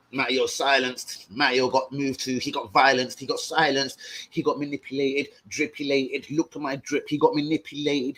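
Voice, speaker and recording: A young man hosting a casual live stream, full of slang, swearing and excited banter. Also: medium pitch. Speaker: livestream host.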